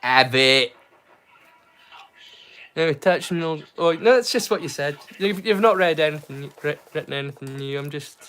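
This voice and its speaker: Man, high voice, casual livestream chat, excitable, lots of fillers and restarts, mild stammer. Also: measured pace, clean tone. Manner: hesitant, many fillers and restarts; mild stammer he keeps hidden. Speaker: livestream host.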